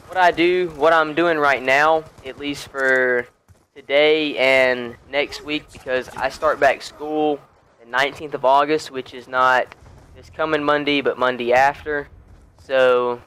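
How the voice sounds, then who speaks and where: A man's voice: fairly high pitch, fairly bright tone, clear, resonant tone, rough recording. A young man chatting casually over gameplay, rambling with lots of fillers and restarts. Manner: laid-back and chatty. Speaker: gaming YouTuber.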